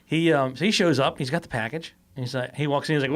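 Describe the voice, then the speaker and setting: A man's voice: medium pitch, quick pace, hardly any pauses. A man co-hosting a podcast, telling a story in casual chat, swearing freely, laughing along and acting out the people he quotes. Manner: animated, acts out quoted voices. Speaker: podcast co-host.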